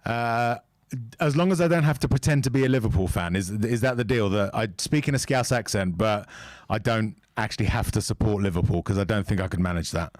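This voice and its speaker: A man co-hosting a football fan watch-along, talking in an animated, opinionated and jokey way. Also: on the low side, a little fast, no room sound, clean studio sound. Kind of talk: casual chat.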